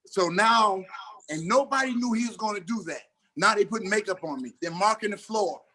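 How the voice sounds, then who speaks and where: A middle-aged actor with a fairly high voice speaks at a normal speed on a podcast interview. He tells a personal story with animation, performing the dialogue of the people in it.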